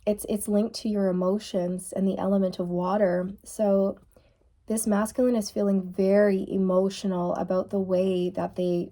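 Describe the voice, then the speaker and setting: A woman giving a channeled tarot reading to her viewers, musing softly and repeating key phrases. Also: mid-range voice. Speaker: tarot reader.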